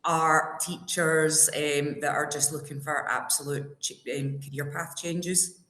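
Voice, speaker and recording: A woman's voice: low voice, fairly even intonation, slow pace, sharp tone. A woman who trains hairdressers, speaking on a panel with some hesitation and restarts. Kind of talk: panel discussion. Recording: roomy hall echo.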